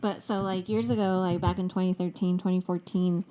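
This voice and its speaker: A woman's voice: lowish voice, little pitch movement, brisk, warm tone. A woman co-hosting a podcast in casual chat, with a laid-back, drowsy-sounding way of talking. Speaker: podcast co-host.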